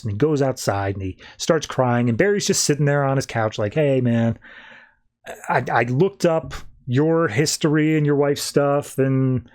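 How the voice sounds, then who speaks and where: A man casually recapping a comic on a podcast, slipping into quick, loose character voices as he retells each scene. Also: mid-range voice, darkish tone. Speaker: podcast co-host.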